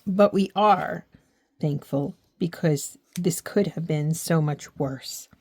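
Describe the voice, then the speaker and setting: A woman's voice: deep voice, takes it slowly, a little mellow, husky, no echo. A middle-aged woman from the United States chatting earnestly while she crafts, reflective and close to tears at times. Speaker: craft and faith vlogger. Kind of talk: casual heartfelt chat while crafting.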